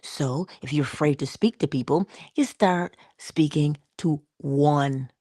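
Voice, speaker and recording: A woman giving a conversational motivational talk, coaching her listener and dropping into soft whispers for emphasis. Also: low voice, measured pace, dry recording, clean studio sound. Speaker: inspirational speaker.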